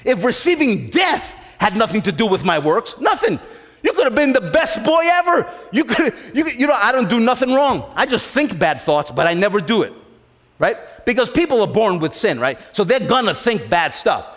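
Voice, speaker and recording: A man's voice: high voice, big pitch swings, normal speed, fairly bright tone. A man preaching a sermon with emphatic repetition, often putting questions to the congregation. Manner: emphatic, repeats phrases, asks the congregation questions. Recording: long hall reverb.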